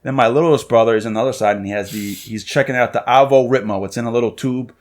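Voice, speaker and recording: With a medium-pitched voice and a quick pace, a thirties-aged podcast host animatedly recounts a story in casual, profanity-laced conversation. He voices the quotes of the people involved.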